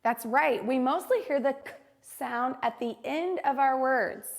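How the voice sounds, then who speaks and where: A woman teaching a phonics lesson to young children, modeling each word carefully and slowly. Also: high-pitched, gravelly.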